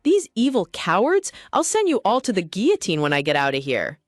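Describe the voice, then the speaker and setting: A proud, spoiled noble boy, put on by a woman narrator, yelling and scolding in a high, strained voice. His pitch swings wildly as he lectures with lofty indignation, all in a dry, close storybook reading. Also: wildly swooping pitch, moderate pace, no echo. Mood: furious. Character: arrogant haughty blonde noble boy.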